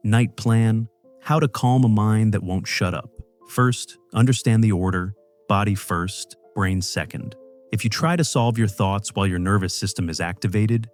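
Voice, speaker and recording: Male narrator, lower register, calm reassuring read over faint background music. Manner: calm, measured, reassuring delivery. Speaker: channel narrator. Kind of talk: scripted psychology narration.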